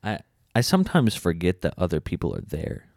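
A young man co-hosting a podcast, talking in a relaxed, hesitant way with lots of fillers. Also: low-pitched, brisk, vocal fry, dry recording, clean studio sound. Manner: laid-back, hesitant, many fillers. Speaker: podcast co-host. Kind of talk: casual chat. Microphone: podcast mic.

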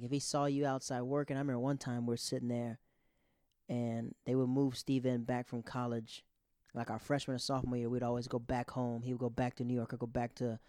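A man in his thirties tells a rambling, grieving personal story, stopping and restarting as he goes. His pitch sits at an ordinary middle height. The sound is dry and close, with no room echo. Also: dark tone, clear, resonant tone. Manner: rambling, halting, with many restarts.

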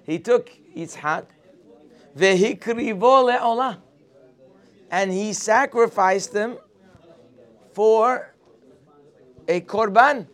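A man's voice: high voice, takes it slowly, pauses often, pitched above the performer's own voice. A man voicing a scheming male tempter spirit who needles with mocking questions. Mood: taunting.

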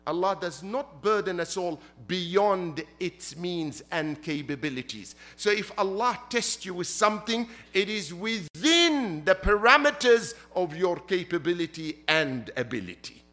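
A man's voice: sits high, expressive, measured pace, few pauses, bright, forceful tone. A man preaching a sermon as a sheikh, emphatic, repeating his points and asking rhetorical questions. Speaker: sheikh preaching at a Muharram gathering.

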